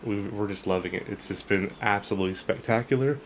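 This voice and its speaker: A man's voice: lowish voice, fast, slight background noise. Upbeat man vlogging his travels outdoors. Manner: enthusiastic and upbeat, with frequent superlatives. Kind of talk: casual travel vlog narration. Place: outdoors in a port town.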